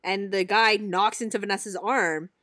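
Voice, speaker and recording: A young woman in casual chat, blunt and animated, swearing often as she tells stories. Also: medium pitch, normal speed, no echo, studio quality.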